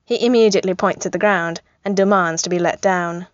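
A woman's voice: lowish voice, fairly even intonation, a little fast, no echo. Woman narrating a story, dry muffled sound. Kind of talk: reading fan fiction aloud.

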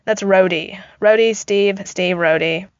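A woman's voice: mid-range voice, steady tone, unhurried, no echo, close to an everyday voice. A woman voicing a sleepy, wisecracking grown man inventor with a sarcastic drawl, on a dull, lo-fi recording.

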